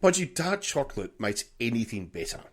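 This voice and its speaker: A man with an Australian accent co-hosting a casual podcast chat, laughing often and quick to apologise. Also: mid-range voice, big pitch swings. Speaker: podcast co-host. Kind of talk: casual chat over cocktails. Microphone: remote virtual studio setup.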